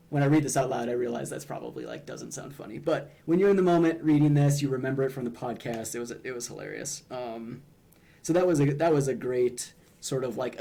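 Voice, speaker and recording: A man's voice: medium pitch, mellow. A young man streaming, casually analyzing game humor in a hesitant way, with frequent ums and restarts.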